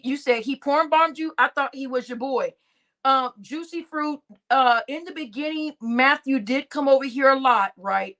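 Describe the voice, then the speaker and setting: Woman streamer, slightly high-pitched, casual and animated, recapping gossip and reading chat. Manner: animated retelling, reads viewer comments aloud. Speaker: live-stream host. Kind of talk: casual live-stream talk.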